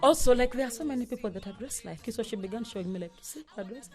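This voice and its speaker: A young woman, telling a personal story on a podcast in a lively way, laughing and acting out the people she quotes. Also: on the high side, racing, music in the background. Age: young adult. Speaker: podcast co-host. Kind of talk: casual storytelling chat.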